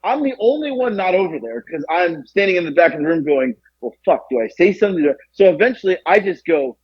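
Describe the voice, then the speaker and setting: A man co-hosting a podcast, telling a story in casual chat, animated and profane, acting out the voices of other people. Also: high-pitched, fairly quick, few pauses, slightly rough, no echo, muffled recording. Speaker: podcast co-host.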